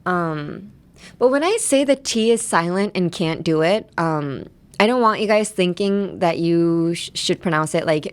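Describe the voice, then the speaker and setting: A woman hosting a podcast English lesson, explaining phrases in Japanese and English and demonstrating sounds slowly. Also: mid-range voice, expressive. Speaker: host, English teacher.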